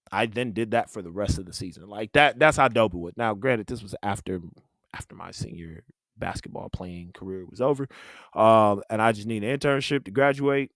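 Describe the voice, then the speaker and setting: A man's voice: medium pitch, fairly bright tone, no echo, studio quality. Laid-back man telling a story. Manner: conversational, laid-back, many "like" fillers, laughs while telling. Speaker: podcast host. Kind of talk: casual storytelling.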